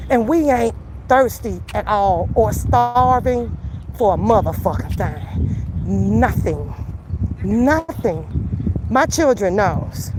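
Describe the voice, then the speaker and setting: High-voiced woman ranting, profane and blunt. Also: background noise. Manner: profane, confrontational, taunting; slows into calmer lecturing. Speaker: YouTube commentator. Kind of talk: angry call-out rant to camera.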